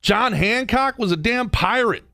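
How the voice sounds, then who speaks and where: Animated, profane male podcast host. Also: extremely high pitch, a little slow, creaky, no echo. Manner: animated, profane, jumps between impressions and mock voices. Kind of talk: comedic rant.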